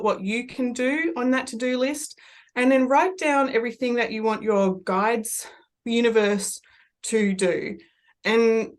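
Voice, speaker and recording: An Australian woman, a medium, talks in a loose, rambling way. Her storytelling is animated as she chats casually on a podcast. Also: mid-range voice.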